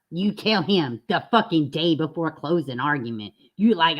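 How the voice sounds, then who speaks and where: A woman's voice: low voice, lively intonation, fairly quick. A woman hosting a reaction commentary channel, blunt and indignant, swearing freely as she reacts to clips.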